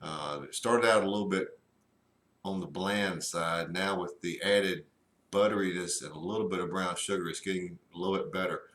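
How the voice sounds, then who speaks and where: A man reviewing a cigar in a slow, halting way with many fillers. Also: low-pitched, fairly bright tone, reverberant. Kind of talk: casual review.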